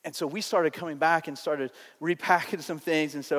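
A man preaches as a pastor, telling a story in a sermon. He is animated, swinging between lively and hushed delivery, with a fairly high voice. His words trail off into the long reverb of a large church hall. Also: brisk.

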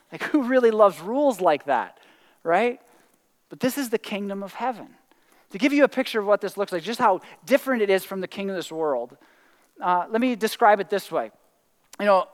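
A pastor preaches conversationally in a large hall, his voice sitting high. His talk is full of "like" and "right?", and now and then he breaks into excited whoops.

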